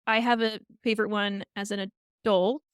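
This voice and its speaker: A woman co-hosting a podcast, casually retelling a fairy tale with animated storytelling. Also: mid-range voice, moderate pace, smooth, no echo. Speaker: podcast co-host. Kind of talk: casual chat.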